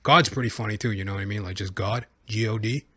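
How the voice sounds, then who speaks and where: A man's voice: lowish voice, fast talker, sharp tone, breathy edge, no room sound. A young adult man, a comedian hosting his own podcast, telling a comic story and acting out scenes with sudden screams.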